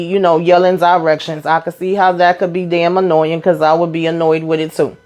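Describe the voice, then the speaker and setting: A woman recaps a reality TV episode on her own channel, casual and animated, swearing freely and acting out what the people on the show said. Her voice is on the low side and her pace is normal.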